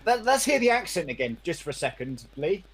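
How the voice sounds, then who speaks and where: A man co-hosting a live show, introducing segments in a jokey, brisk way. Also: fairly high pitch, very animated, fairly bright tone, husky. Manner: jokey, brisk link-presenting. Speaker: co-host.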